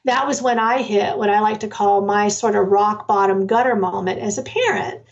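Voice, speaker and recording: A woman's voice: mid-range voice, normal speed, gravelly, distant mic, dull audio. A middle-aged woman, an author and parenting workshop leader, telling her story in a loose, rambling way full of fillers and restarts. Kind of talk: conversational storytelling interview.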